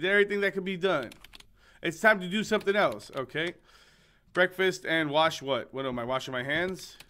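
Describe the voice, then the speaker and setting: Bright-voiced young man playing a game. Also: on the high side, animated, moderate pace, soft background music. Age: young adult. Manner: joking, rambling, swearing, frequent laughs and stammered restarts. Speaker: gaming video host. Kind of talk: let's play commentary, reading game text aloud.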